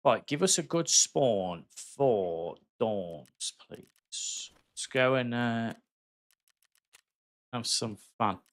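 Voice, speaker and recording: A man's voice: medium pitch, expressive, extremely slow. A man from the West Midlands with a Black Country accent, chatting casually with viewers while streaming a game. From West Midlands, England. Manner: chatty, friendly, calls viewers mate. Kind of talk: casual live-stream chat while gaming.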